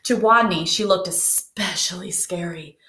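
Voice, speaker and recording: A woman teacher reading a picture book aloud to her students, gently asking them questions along the way. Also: fairly low pitch, unhurried. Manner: gentle, asks children questions. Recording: roomy echo.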